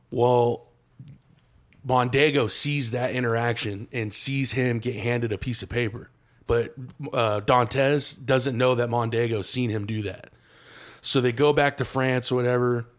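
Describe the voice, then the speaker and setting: A man's voice: mid-range voice, fairly even intonation, a little slow. Casual, cursing man retelling a movie. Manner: loose, profane storytelling with slang and restarts. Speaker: podcast co-host.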